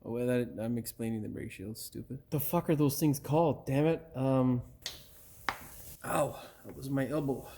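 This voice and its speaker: A man's voice: mid-range voice, normal speed, mellow, slight background noise. A man hosting a DIY car repair video, cursing, fumbling his words and mocking himself, while a little sick with a cough. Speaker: DIY auto repair host. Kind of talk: blooper reel of a repair tutorial.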